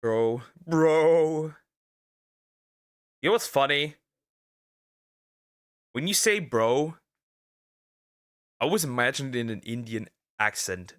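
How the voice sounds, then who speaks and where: A man streaming as a vtuber, talking in casual react commentary, rambling and halting with lots of fillers and restarts and speaking out bluntly. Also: mid-range voice, sing-song, fairly bright tone. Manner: outspoken, ranting.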